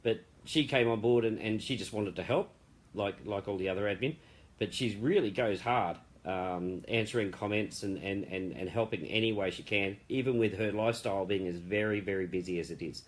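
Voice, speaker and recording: A man, founder of an online group, giving a casual live-stream update in a chatty, rambling way, warmly praising members. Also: fairly low pitch, fairly quick.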